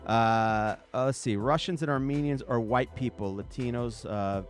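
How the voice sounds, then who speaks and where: Soft music sits behind a medium-pitched male voice at normal speed. He's an American podcast host doing a laid-back, comedic chat-reading monologue, teasing viewers with rhetorical questions and short impressions.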